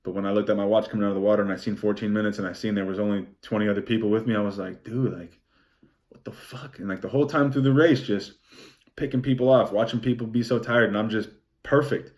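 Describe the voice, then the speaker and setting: A young man recapping his race in a vlog, excited and rambling, swearing freely and saying "like" often. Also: on the low side, quick pace. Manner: excited, rambling, swears a lot, many "like" fillers. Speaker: vlogger.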